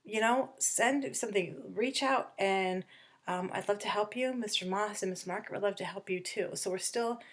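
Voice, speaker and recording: A middle-aged woman teacher talking through a novel for her class at a distance, rambling casually with fillers and restarts. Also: medium pitch. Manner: acts out characters' lines in quick bursts. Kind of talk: remote lesson talk on a novel.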